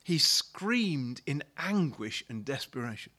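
A man delivers a sermon with a bright, forceful tone and a voice pitched a little above the usual male range. He preaches like he is telling a story, conversational rather than formal. He often repeats a word or two as he restarts a sentence. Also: big pitch swings, takes it slowly. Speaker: pastor.

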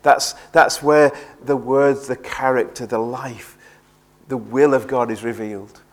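A man's voice: mid-range voice, steady tone, a little slow. A man preaching a sermon in an earnest way, often repeating words as he presses a point.

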